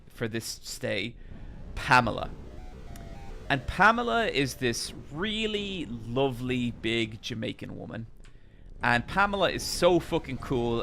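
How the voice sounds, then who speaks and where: A man streaming a game while telling a casual, animated story and swearing freely. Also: medium pitch, creaky.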